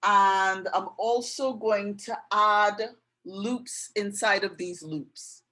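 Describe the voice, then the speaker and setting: A woman giving a casual drawing tutorial, gently narrating each step as she draws. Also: mid-range voice, slow, poor audio. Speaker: art tutor. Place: indoors with passing road traffic.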